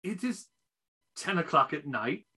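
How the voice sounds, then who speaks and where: A game master voicing a rugged middle-aged male innkeeper who stalls and calls people "mate", slow and bright-toned. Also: mid-range voice, sing-song, slightly rough, exaggerated voice, low-quality recording. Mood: evasive. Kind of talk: tabletop role-play voice.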